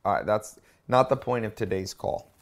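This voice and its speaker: Low-pitched man, show host, emphatic, casual, stresses words. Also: normal speed. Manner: emphatic, stresses key words, restarts often. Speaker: host discussing a book. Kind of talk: casual spoken commentary.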